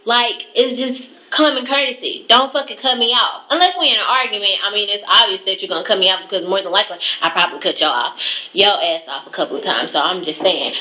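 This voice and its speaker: A woman's voice: medium pitch, fast talker, sharp tone. A young woman ranting profanely and with exasperation in a casual home vlog, speaking to her camera. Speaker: vlogger. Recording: echoey room.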